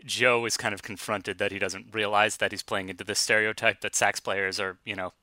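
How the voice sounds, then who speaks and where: A man's voice: lowish voice, flat delivery, brisk, bright, forceful tone, dry recording. A man from San Diego chatting casually about a film, laughing often. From San Diego, California. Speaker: podcast co-host.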